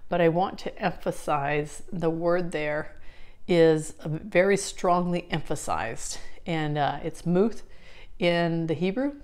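A woman's voice: on the low side, slow pace, darkish tone. A woman explaining scripture in a casual teaching talk, chatty and full of fillers and restarts. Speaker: Bible study teacher.

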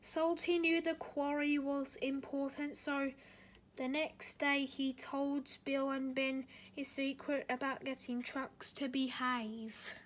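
A woman narrating a children's storybook aloud, halting with slips and restarts. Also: sits high, level tone, slight background noise.

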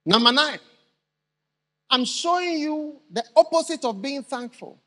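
An older man preaching a live sermon in a large church, asking the congregation questions for them to answer and bursting into shouted emphasis. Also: extremely high pitch, unhurried. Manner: call-and-response questions to the congregation. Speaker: bishop preaching.

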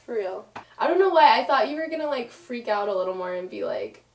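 A woman's voice: fairly high pitch, expressive, brisk. A young woman vlogging with her partner, giggling through her words and apologizing often. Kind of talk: casual couple vlog. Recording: echoey room, mic at a distance.

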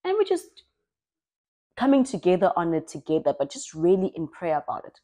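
A young South African woman telling her own story in an expressive, lively way, as a personal vlog. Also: lowish voice, fairly quick. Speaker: vlogger.

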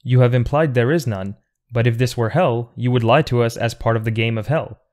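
A man's voice: medium pitch, brisk, darkish tone, lightly acted. A man reading an audiobook, voicing a thoughtful, defiant man in an earnest, precise, argumentative way.

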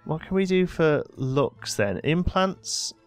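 A man's voice: fairly high pitch, very animated, slow pace, clear, resonant tone, faint music behind. A young man giving casual gameplay commentary, bossing his in-game characters around with mock exasperation. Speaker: let's play host.

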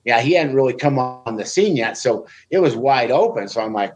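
A man's voice: mid-range voice, moderate pace, poor audio. A man, a former Olympic wrestler guest on a podcast, telling stories casually and acting out what people said in a raised voice. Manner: animated, acts out quoted speech in a raised voice.

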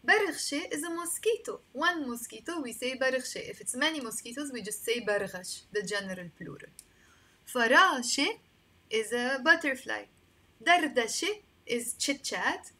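A woman with a Lebanese accent teaching Arabic vocabulary, modeling words slowly and repeating them, then explaining them in English, recorded without a microphone. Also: a little high, expressive, bright, forceful tone. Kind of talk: language lesson. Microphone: no microphone, built-in mic.

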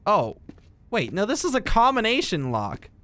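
A man's voice: sits high, wildly swooping pitch, normal speed. A young man giving jokey let's-play commentary, talking to himself and yelping at the game. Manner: jokey, talks to himself, bursts into yelps and shouts at the game. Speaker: gaming video creator.

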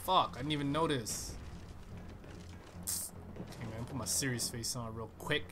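A man's voice: medium pitch, a little slow, over music. A man giving profane, trash-talking live commentary over a shooter game he is playing. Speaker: gaming channel host.

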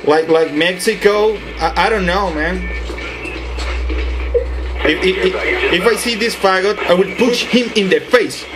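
A man's voice: sits high, unhurried, music in the background. Stammering, profane man ranting over gameplay. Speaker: gaming commentator. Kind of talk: comedic gameplay commentary.

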